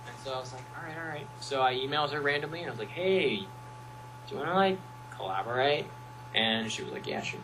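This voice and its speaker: A man's voice: mid-range voice, rapid-fire, hardly any pauses, sharp tone, a little hiss or hum, poor audio. A young man, a music producer, chatting casually in an interview and acting out quotes as he rambles through playful stories. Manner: playful, rambling storyteller who acts out quotes. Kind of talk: casual chat.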